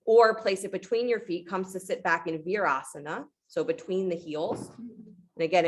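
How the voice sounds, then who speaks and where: Yoga teacher, woman: low-pitched, a little gravelly, calm encouraging cues and reflective talk. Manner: calm, encouraging cueing with short commands; reflective storytelling about letting go. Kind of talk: guided yoga class instruction.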